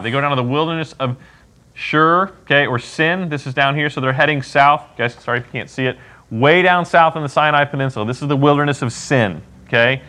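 A man's voice: medium pitch, moderate pace, pushed and bright. A man leading a Bible study, talking casually and often checking in with "okay?" as he acts out what people would say. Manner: conversational, acts out people's lines. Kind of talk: casual teaching.

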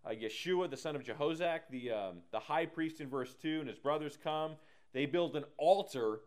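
Male Bible teacher, energetic and digressive, easygoing. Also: a little high.

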